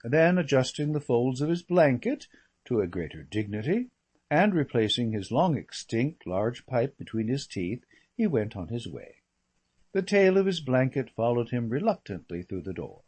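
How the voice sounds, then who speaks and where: A man narrates a classic novel in measured storytelling. His voice is husky and his pitch moves widely. It suits a calm audiobook reading. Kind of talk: scripted narration.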